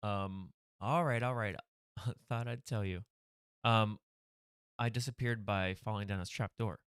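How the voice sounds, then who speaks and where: A man hosting a livestream, brainstorming comedy sketch ideas out loud in a hesitant way, with many pauses and fillers. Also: fairly low pitch, clear, resonant tone, no echo, studio quality.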